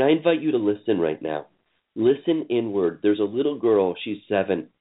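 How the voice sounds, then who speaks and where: A man leading a guided forgiveness session on a call, speaking slowly and soothingly with lots of repetition. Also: on the low side. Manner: slow, soothing, repetitive coaching. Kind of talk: guided emotional healing session. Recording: tinny phone-line audio.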